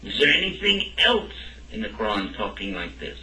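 A man's voice: on the low side, moderate pace, a little hiss or hum. Man, religious teacher, lecture style, questions the class, echoey room, distant mic. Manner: lively, quizzes listeners with questions.

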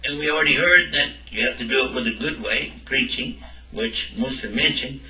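A man's voice: medium pitch, normal speed, bright, forceful tone. A man giving a religious lesson to a class, quizzing his listeners with questions along the way. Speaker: religious teacher. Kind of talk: lecture to a class. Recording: echoey room, mic at a distance.

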